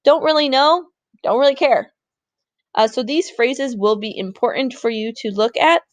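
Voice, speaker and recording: A woman's voice: on the high side, moderate pace, no echo. A woman Spanish teacher giving a recorded grammar lesson in an upbeat, informal way.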